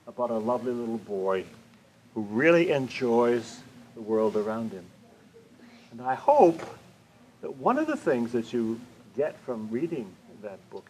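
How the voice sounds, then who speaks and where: Older man, storytime reader, playful sound effects, unhurried, animated pitch, slight background hiss. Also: rough recording. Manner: lively, playful sound effects and sing-song repetition. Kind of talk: reading a picture book aloud to children. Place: library reading room. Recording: faint room noise, community TV recording.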